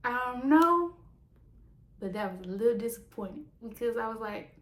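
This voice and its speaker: A young woman, a small business owner, telling a story in a casual vlog with animated, mock-dramatic flair. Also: on the high side, moderate pace. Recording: roomy echo.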